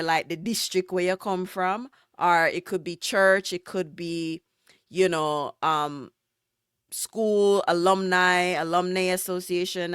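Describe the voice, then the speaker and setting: Jamaican woman co-host, lowish voice, patois phrases, casual review chat. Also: clean tone, no echo, studio quality. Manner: animated, mixes in patois phrases.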